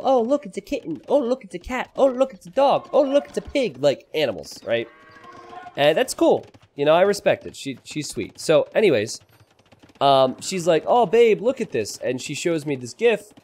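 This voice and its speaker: A young man casting a game live for his stream, joking with chat and teasing himself in an excitable way. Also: mid-range voice.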